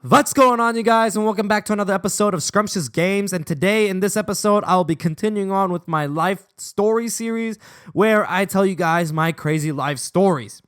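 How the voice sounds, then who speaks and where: A young man tells a personal story over gameplay, animated and slangy, acting out bits as he goes. His voice sits a little high for a man. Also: brisk, clean tone. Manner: animated, slangy, acts out quotes. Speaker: gaming channel host.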